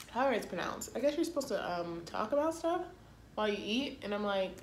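A young woman talking to her camera in a casual vlog, chatty and self-deprecating, with drawn-out excited exclamations. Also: mid-range voice. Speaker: vlogger. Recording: echoey room with faint background noise.

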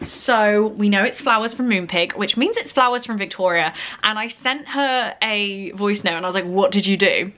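A woman's voice: mid-range voice, normal speed. A young woman, gushing as she opens birthday presents in a casual vlog. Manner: gushing, excitable, squeals with delight. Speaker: book vlogger.

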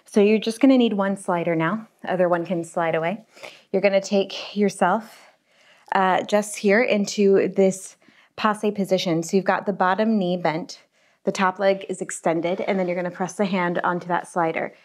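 Speaking in a mid-range, darkish voice with fairly even intonation at normal speed, a young woman guides a home pilates and barre class. She's upbeat and encouraging as she counts reps, recorded on a lapel mic pack in a home workout space.

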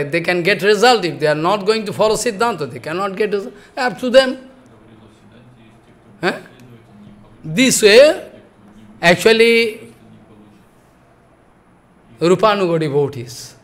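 A man giving a devotional discourse in broken English, animated and full of rhetorical questions. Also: high voice. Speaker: preacher. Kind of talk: Harikatha discourse.

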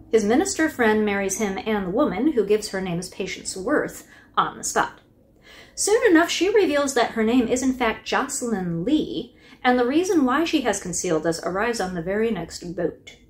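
A woman hosting a casual book review, chatty and wry, with laughing asides. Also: fairly high pitch.

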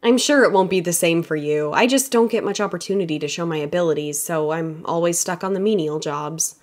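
A quiet young male designer, resigned and matter-of-fact, voiced by a woman reading an audiobook. The delivery stays close to her own voice. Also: fairly low pitch, brisk, natural voice.

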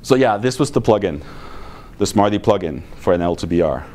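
A man's voice: low-pitched, animated, brisk, dark tone, a little hiss or hum. A man giving a technical conference talk in a blunt, exasperated manner with sarcastic asides. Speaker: conference speaker. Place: conference room.

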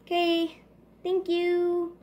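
Woman voicing a joking, self-deprecating toy pet, high voice, slow delivery. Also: monotone, darkish tone, full character voice. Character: self-mocking toy pet award winner.

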